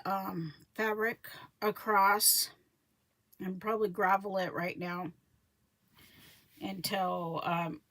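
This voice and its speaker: Her mid-range voice has vocal fry as she chats casually on a live stream about her homestead. The homesteading vlogger rambles, catches and corrects herself, and quotes others in animated voices.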